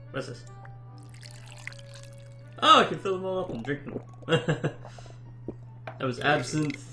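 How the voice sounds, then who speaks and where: An excitable man commenting on a game, with a very bright, sharp voice that leaps up and down in pitch. His room is echoey, and faint music plays behind him. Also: takes it slowly, gravelly, pauses often. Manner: excitable, easily amused, yelps and laughs. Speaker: let's play gamer.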